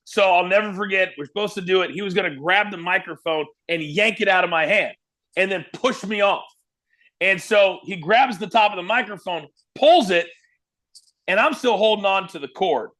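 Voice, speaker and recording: His voice sits high and moves at a normal speed. As an interview guest, the ex-wrestling broadcaster from Kansas, USA, tells casual stories and animatedly acts out what people said.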